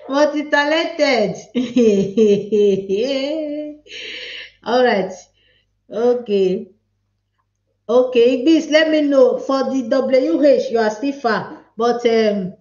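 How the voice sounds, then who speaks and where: A woman's voice: fairly high pitch, takes it slowly, a little mellow. A woman with a Nigerian Pidgin English accent hosting a livestream, chatting and laughing as she calls out viewers by name. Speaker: livestream host. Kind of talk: casual live chat to viewers. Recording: echoey room, dull lo-fi sound.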